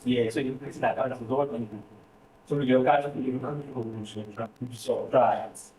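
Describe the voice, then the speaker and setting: A man lectures a finance class, drilling numbers by repeating them and pausing for answers. He sits some way off the mic in a reverberant room. A faint hum of ambience lies underneath. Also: medium pitch, steady tone, darkish tone. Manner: repeats figures, quizzes students. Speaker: finance tutor. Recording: roomy, distant classroom recording.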